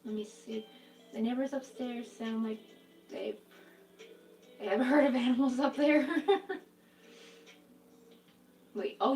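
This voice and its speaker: A woman's voice: a little high, darkish tone, distant mic. Chatty young woman crocheting on stream. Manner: chatty, reacting to viewers' comments, heavy use of "like". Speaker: crochet livestream host. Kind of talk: casual chat while crocheting on a live stream.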